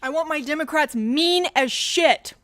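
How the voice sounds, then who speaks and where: A high-voiced woman doing casual livestream political commentary. She is sarcastic and swears freely. She slides between low mutters and loud ranting. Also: unhurried. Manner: sarcastic, profane, swings from mutters to loud rants. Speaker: political streamer.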